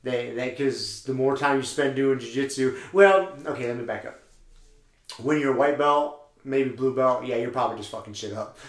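A man's voice: mid-range voice, normal speed, roomy sound. A man co-hosting a podcast in casual chat, joking, laughing often and swearing freely. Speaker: podcast co-host.

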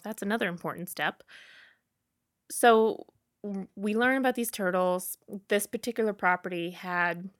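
A woman who works in travel, telling a personal story in a chatty, animated way with plenty of fillers. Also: medium pitch, no echo, clean studio sound. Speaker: travel advisor.

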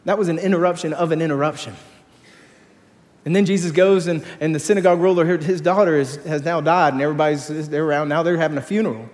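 A man preaching in a church sanctuary, his slightly raised voice trailing off into a long hall reverb. He tells his stories with animated energy and often repeats words as he builds toward each peak. It has the sound of a live sermon from the pulpit. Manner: animated storytelling, rising in pitch and volume at climaxes, repeats words. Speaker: pastor.

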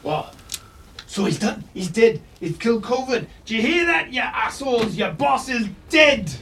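A man voicing a gruff, bloodthirsty male dwarf warrior who shouts battle cries in a tabletop game. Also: very high voice, expressive, measured pace, far from the mic, slight background noise, voice pushed up, full character voice. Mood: gleeful.

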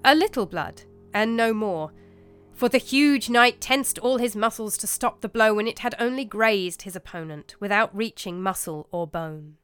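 A woman narrating a story in a measured, expressive storybook manner. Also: fairly high pitch, smooth, faint music behind.

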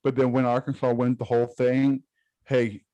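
A man's voice: mid-range voice, completely flat delivery, moderate pace, dark tone, dry recording, muffled recording. A man co-hosting a casual sports podcast, blunt and given to swearing and repeating words. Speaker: podcast co-host.

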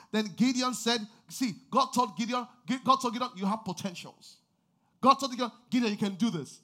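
A male pastor with a very high voice delivers a sermon. His tone is bright and forceful, moving from quiet scripture reading to shouted, sing-song calls to the congregation. He speaks as a preacher working the room. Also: normal speed.

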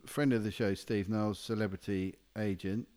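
A man's voice: fairly low pitch, steady tone, normal speed, a little mellow. A man co-hosting a podcast in casual chat, an agreeable listener who often chuckles. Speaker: podcast co-host.

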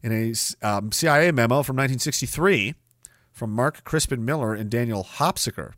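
A man's voice: mid-range voice, a little fast, a bit bright, no echo, clean studio sound. A man from Canada hosting a livestream, reading chat messages and ranting sarcastically with plenty of swearing. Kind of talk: casual live-stream talk.

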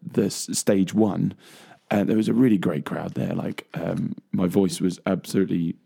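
Gravelly low-voiced man chatting. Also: fairly even intonation, moderate pace, mellow. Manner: rambling, laughs often, trails off with fillers. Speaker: co-host, bass player. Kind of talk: casual chat. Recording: radio show studio mic.

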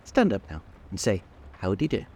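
A man's voice: deep voice, huge pitch swings, moderate pace, mellow, full character voice. A man voicing a languid, doting young society woman, reading her lines in a sweetly affected, crooning manner for an audiobook.

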